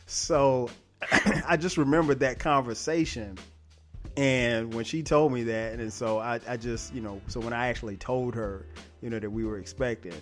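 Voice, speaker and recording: Man, 30s, podcast host, relaxed conversational delivery, mid-pitched voice, faint music underneath. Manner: easygoing, laughs often, animated when retelling stories. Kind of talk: casual interview chat.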